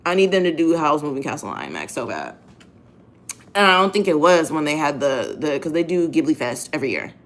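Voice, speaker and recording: A woman with a somewhat low voice talks straight to her listeners in a casual monologue. She is blunt and profane and hammers her points home by repeating phrases. She sounds like she is speaking from home. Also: big pitch swings, fairly quick. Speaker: host.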